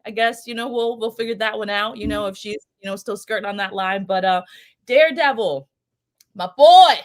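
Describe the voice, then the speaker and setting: A woman chatting casually as a podcast co-host, excitable and profane, telling it with lots of energy. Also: medium pitch, normal speed. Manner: excitable, profane, animated storytelling. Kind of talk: casual chat.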